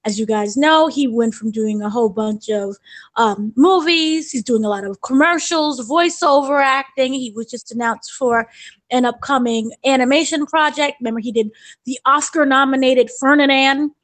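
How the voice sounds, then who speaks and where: Woman co-host, high voice, chatty news rundown on a casual podcast. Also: moderate pace.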